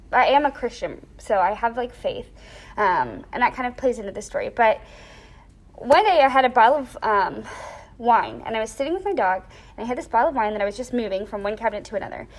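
A young woman in a casual interview, telling a personal story with lively acted-out quotes and lots of "like". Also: on the high side, fairly quick. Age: young adult. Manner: animated storyteller, acts out quoted voices; frequent "like" fillers.

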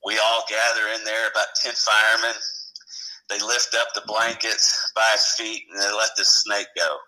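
Bright-voiced middle-aged man telling stories. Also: lowish voice, flat delivery, moderate pace, poor audio. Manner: rambling, self-correcting, chuckling anecdotes. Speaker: retired firefighter guest. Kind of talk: casual storytelling interview.

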